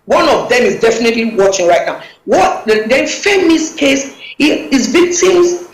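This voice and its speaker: Woman, high voice, urgent and pleading, echoey video call sound. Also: expressive, moderate pace. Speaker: guest. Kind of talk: talk show interview.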